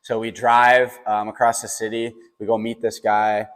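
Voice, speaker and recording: Young guy telling a story, lots of "like"s, kinda low voice, animated. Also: normal speed. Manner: animated, filler-heavy retelling with quoted dialogue. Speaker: vlogger telling a personal story. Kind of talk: casual storytelling monologue.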